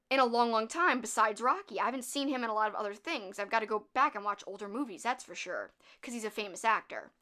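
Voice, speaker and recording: Bright chatty young woman. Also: fairly high pitch. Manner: chatty, laughing at the film, acts out quotes. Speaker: channel host. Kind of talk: casual movie talk.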